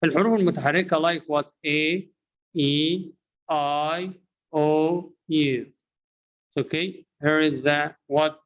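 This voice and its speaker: Man, Egyptian accent, Arabic native speaker, English teacher, quizzes viewers, repeats himself, fairly high voice. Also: fairly even intonation, a little slow, lo-fi sound. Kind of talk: online language lesson.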